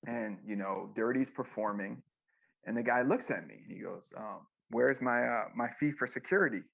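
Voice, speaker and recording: Gravelly man telling rambling stories. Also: mid-range voice. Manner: rambling, animated anecdotes with many fillers. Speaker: guest, former music manager. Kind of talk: casual storytelling interview.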